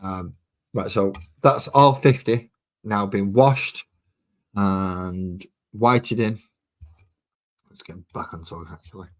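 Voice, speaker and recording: Manc guy kinda low voice, just rambling to his stream chat while painting minis. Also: slow, pauses often. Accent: Mancunian. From Manchester, England. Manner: rambling and chatty while working. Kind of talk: casual live-stream chat.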